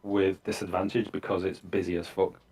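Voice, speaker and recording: Man, game master, low voice, halting narration, many fillers. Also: level tone, vocal fry, a little mellow, breathy edge.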